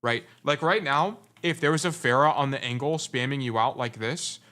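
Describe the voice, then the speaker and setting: A man's voice: medium pitch, normal speed, sharp tone. A young adult man giving casual gameplay review commentary as a coach, blunt and teasing, repeating his points for emphasis. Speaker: game coach.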